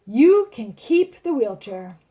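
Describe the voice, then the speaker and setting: A woman's voice: fairly high pitch, very animated, slow, mellow. A woman reading a children's story aloud, voicing an emphatic, proud father. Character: father, a man, loud and proud.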